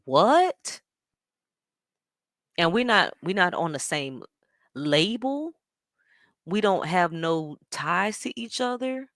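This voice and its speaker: A woman hosting a show, talking in an animated, sassy way with plenty of slang while she reacts to a stream. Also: lowish voice, slow pace, long pauses, no room sound, clean studio sound. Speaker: show host. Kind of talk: casual commentary reacting to a stream.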